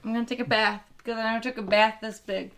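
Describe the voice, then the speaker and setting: A brash young woman tells a film story for laughs, swearing freely and popping into sassy voices for the characters. Her voice is bright and a little high, with a forceful edge. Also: steady tone, quick pace. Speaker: comedian retelling a film. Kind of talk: casual comedic retelling.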